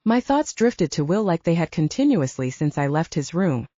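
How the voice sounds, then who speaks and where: Lively low-voiced woman narrating an audiobook. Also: normal speed, dry recording, highs cut off. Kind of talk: first-person audiobook narration.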